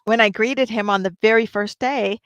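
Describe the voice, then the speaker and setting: Chatty higher-voiced woman livestream host. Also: steady tone, moderate pace, fairly bright tone, no room sound, highs cut off. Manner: chatty, upbeat, talking to chat viewers. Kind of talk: casual livestream chat.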